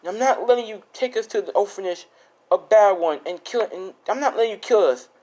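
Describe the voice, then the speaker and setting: A man voicing a desperate young boy who pleads in a high, strained voice. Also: a little fast, a little mellow, natural voice. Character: desperate young boy defending his sister.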